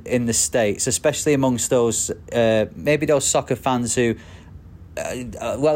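A man's voice: mid-range voice, a little mellow. Chatty podcast host, easygoing man. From United Kingdom. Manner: chatty, self-deprecating, laughs easily. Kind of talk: casual podcast chat.

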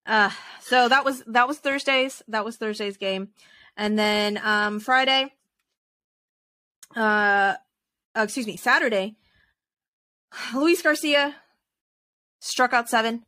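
A woman's voice: on the high side, slow pace, pauses often, pushed and bright. A woman co-hosting a podcast, chatting casually about baseball with laughs and rambling restarts. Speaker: podcast co-host. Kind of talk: casual sports chat.

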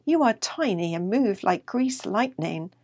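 A woman voicing a gentle, timid young male house cat in a read-aloud storybook. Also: medium pitch, expressive, measured pace, slightly rough, no echo, pitched above the performer's own voice.

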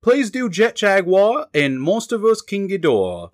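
Man doing a bad British accent, halting read, pitched up and animated. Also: exaggerated voice. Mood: hammy reading. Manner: halting, self-conscious reading aloud. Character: a man's clumsy attempt at a British accent. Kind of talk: reading a listener review in a put-on accent.

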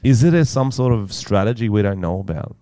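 A man's voice: fairly low pitch, a little fast, warm tone, a little hiss or hum. A man co-hosting a podcast in casual, sweary banter, laid-back and trailing off mid-thought. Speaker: podcast co-host.

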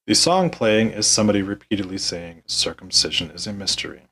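A man with a lowish, husky voice recaps a wrestling show play by play for his podcast. He is deadpan and worn out, with dry sarcasm and frequent swearing. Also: brisk, poor audio. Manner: weary, deadpan, swears often.

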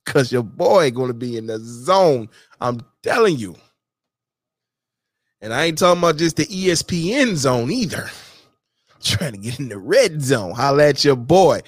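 A man rambling in a loose, slangy monologue, leaning on the same catchphrase over and over. His voice sits at a middle pitch and sounds dry and close to the mic, with no room around it. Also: big pitch swings, normal speed, no echo. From Detroit, USA. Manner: slangy, repeats "you know what I'm saying". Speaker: vlogger. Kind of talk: casual monologue to camera.

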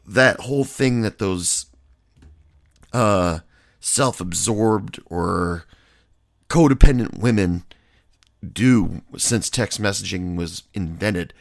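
A man's voice: lowish voice, fairly bright tone, dry recording, clean studio sound. A man telling a rambling anecdote in a casual monologue, blunt and swearing freely.

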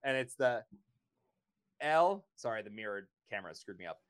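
A man's voice: fairly low pitch, expressive, normal speed, clean tone, no room sound. A man hosting a podcast in casual chat, rambling through stories and repeating his words. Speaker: podcast host and sports reporter.

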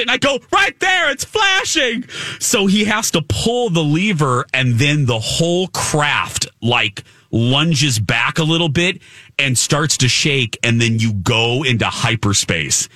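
A man telling an animated story on a talk show, excitable and acting out the voices of the people in it. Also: on the high side, no echo, studio quality. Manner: excitable, acts out voices in his stories.

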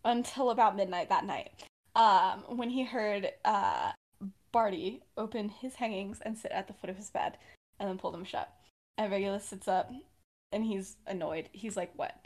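A woman's voice: medium pitch, normal speed, a little mellow. A young woman co-hosting a podcast, casually retelling her fan-fiction story with many fillers and frequent laughs. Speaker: podcast co-host.

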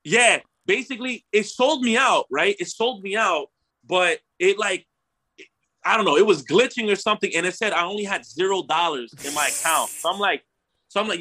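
A young man telling a story in casual chat, animated and slangy, swearing and tagging lines with "bro" and "right?". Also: high-pitched, normal speed.

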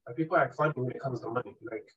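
A man's voice: mid-range voice, very fast, a bit bright, husky, muffled recording. A man as a podcast guest telling candid stories, emphatic and swearing often, with frequent "right?" tags. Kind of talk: candid conversational storytelling.

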